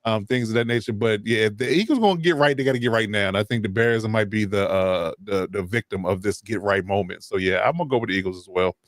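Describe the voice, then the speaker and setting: A man's voice: lowish voice, quick pace, few pauses, dry recording, clean studio sound. A man hosting a casual sports talk show, upbeat and asking each guest for their picks. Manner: upbeat, steers the round of picks, many fillers.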